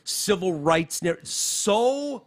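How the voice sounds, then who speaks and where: A man hosting a podcast, talking in an animated, profane, casual way about the news. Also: high voice, very slow. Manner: animated, profane, reads quotes aloud. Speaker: podcast host. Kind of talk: casual political chat. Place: podcast studio.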